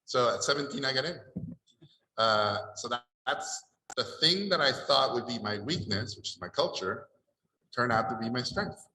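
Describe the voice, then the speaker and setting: Speaking in a mid-range voice at a normal pace, a middle-aged man from Mexico sits on a panel at an art event and tells animated stories during the Q&A, acting out each person involved. The recording is rough and the room echoes.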